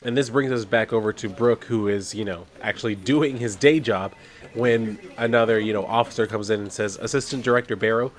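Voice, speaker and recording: A man's voice: fairly low pitch, moderate pace. A man casually retelling a comic book issue, reading its dialogue plainly and adding wry asides. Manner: relaxed, wry asides and fillers.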